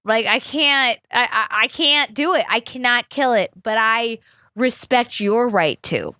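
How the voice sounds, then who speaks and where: A woman's voice: on the high side, animated, measured pace, bright, forceful tone, no room sound, studio quality. A young woman hosting a podcast, telling stories in a chatty, rambling way, swearing freely and acting out the people she quotes. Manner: acts out quoted people in big voices. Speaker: podcast host. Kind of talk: casual storytelling chat.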